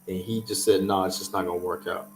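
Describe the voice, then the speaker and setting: A man's voice: sits low, little pitch movement, quick pace, reverberant, slight background noise. A man hosting a casual chat, giving emphatic, profane advice. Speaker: host.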